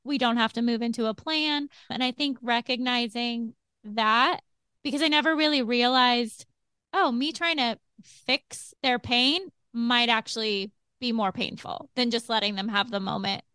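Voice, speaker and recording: A woman podcast host talks in a fairly high, bright voice that is smooth and clear. She is chatty and self-deprecating, and the dry, close sound has no room in it. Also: measured pace, dry recording. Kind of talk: casual podcast chat.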